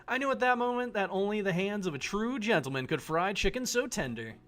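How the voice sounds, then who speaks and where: A man voicing a scheming schoolgirl in a dating game, using a high, mock-innocent voice. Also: lively intonation, brisk, a bit bright. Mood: syrupy sweet. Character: sweet-acting scheming schoolgirl.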